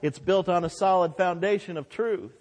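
A man delivers a sermon with passion, swinging his voice from quiet low endings up to loud emphatic calls. His voice sits somewhat high for a man. The sound carries the long reverb of a church hall. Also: normal speed. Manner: impassioned, voice rising and dropping for emphasis. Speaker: preacher.

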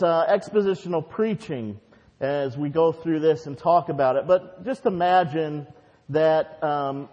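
A man's voice: a little high, darkish tone. A male pastor leading a fervent, repetitive prayer and then preaching a sermon in a conversational storytelling way, recorded in a church sanctuary. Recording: dull, reverberant church recording.

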